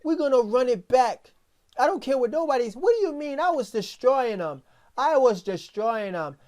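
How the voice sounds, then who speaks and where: A man's voice: extremely high pitch, expressive, moderate pace, darkish tone, voice pushed up. A man putting on a boastful, taunting voice for a brash male fighter who trash-talks. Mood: cocky.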